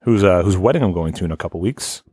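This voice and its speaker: A man's voice: sits low, expressive, fast, dark tone, breathy edge, no echo. Laid-back male podcast host, dry close mic. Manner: loose, rambling, swears casually. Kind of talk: casual chat, reading listener lists.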